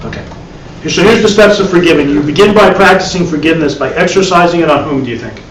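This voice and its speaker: Man, spiritual teacher, fairly high voice, conversational, wry asides, echoey room, distant mic. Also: quick pace, slight background noise. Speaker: meditation teacher. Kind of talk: live dharma class talk. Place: classroom with a live audience.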